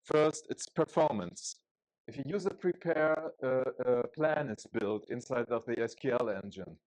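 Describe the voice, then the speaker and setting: A man's voice: medium pitch, a little slow, darkish tone, low-quality recording. A man from Germany with a German accent, giving a chatty, joking technical talk at a conference, with frequent fillers and restarts. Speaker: conference speaker.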